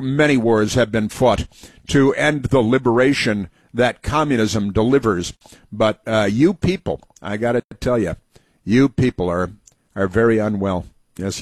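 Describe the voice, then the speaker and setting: A man's voice: lowish voice, dry recording. A man hosting a talk show in a rambling, folksy monologue full of restarts. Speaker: radio talk host. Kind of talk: casual monologue.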